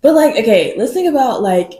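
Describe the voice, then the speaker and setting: A woman's voice: fairly high pitch, sing-song, a little fast, mellow, reverberant. A woman co-hosting a podcast, chatting casually and rambling with lots of fillers. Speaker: podcast co-host. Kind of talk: casual chat.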